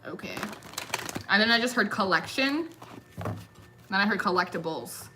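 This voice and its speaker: A woman's voice: mid-range voice, expressive, a little slow, sharp tone, soft background music. A young woman reading tarot in a casual, chatty way, giggling often and filling her talk with "like". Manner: chatty, giggly, uses lots of fillers. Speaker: tarot reader.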